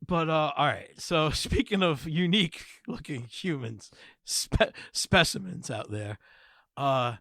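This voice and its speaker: Gravelly, profane man spinning a story. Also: fairly high pitch, expressive, slow, pushed and bright, no echo, clean studio sound. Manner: profane, rambling storyteller, laughs often. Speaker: podcast co-host. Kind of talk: casual comedic chat.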